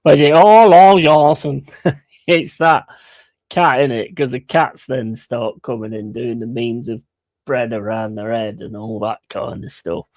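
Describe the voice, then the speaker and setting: A man's voice: medium pitch, steady tone, unhurried, no echo. A man chatting casually on a live stream, rambling and swearing between chuckles.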